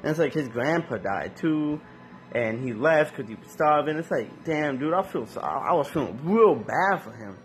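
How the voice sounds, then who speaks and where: A man casually reviewing an anime episode in loose, slangy talk, with lots of restarts and animated reactions. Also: on the high side, moderate pace, soft background music.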